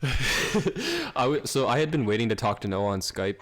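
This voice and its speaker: A young man co-hosting a podcast, telling a crude story in an animated way, laughing often and swearing freely. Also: mid-range voice, normal speed. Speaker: podcast co-host. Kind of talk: casual chat.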